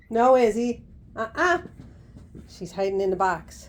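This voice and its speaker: With a fairly high, expressive voice at a normal pace, a woman playfully teases her parrot in sing-song tones. It's casual talk to a pet, recorded on a handheld camera inside her home.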